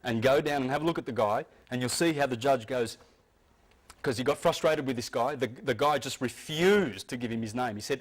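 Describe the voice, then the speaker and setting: A man speaks to an audience in an emphatic, insistent lecture. He often restarts his sentences as he presses each point. His pitch sits at a middling level for a man. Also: a little fast.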